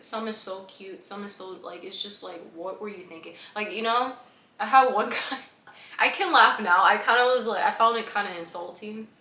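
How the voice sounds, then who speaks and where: A woman's voice: mid-range voice, pushed and bright. A woman vlogger telling stories casually to the camera, chatty and full of fillers, laughing often. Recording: echoey room with faint background hum.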